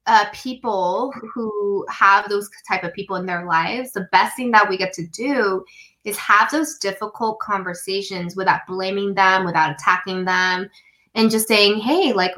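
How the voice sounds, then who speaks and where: Bright, earnest woman telling a story. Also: medium pitch, measured pace, poor audio. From United States. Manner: earnest, heartfelt, with frequent "um" and "like". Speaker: guest. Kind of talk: personal storytelling in conversation.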